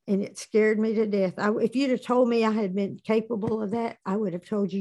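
A woman giving a personal testimony at a recovery meeting, telling her story plainly with dark humor. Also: medium pitch, steady tone, a little fast, hardly any pauses.

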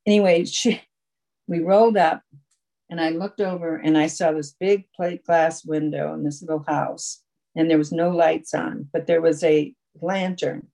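A woman's voice: sits low, fairly even intonation, measured pace, vocal fry, dark tone, poor audio. A woman telling a long personal story at a support group meeting over a video call, rambling and full of fillers. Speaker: recovery meeting speaker.

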